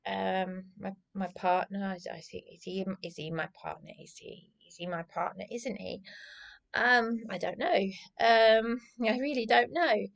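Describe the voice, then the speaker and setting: A woman's voice: mid-range voice, fairly even intonation, a little slow, creaky. An agitated woman, vlogging in a rambling personal monologue that keeps circling back and restarting. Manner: agitated, repetitive, restarts often.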